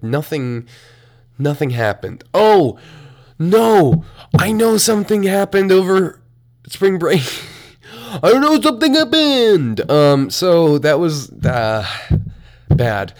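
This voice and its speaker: A young man in a college dorm room hosting a solo podcast, profane and animated, swinging between mumbled asides and loud outbursts. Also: lowish voice. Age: young adult. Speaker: podcast host. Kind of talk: casual solo podcast rant.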